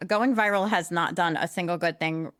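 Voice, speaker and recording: A woman co-hosting a podcast who talks in a flat, self-described monotone with a casual, blunt manner and some mild swearing. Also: on the low side, moderate pace, clear, resonant tone, dry recording, clean studio sound. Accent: accent others comment on, likened to a nasal New York voice. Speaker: podcast co-host, social media marketer. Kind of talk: casual chat.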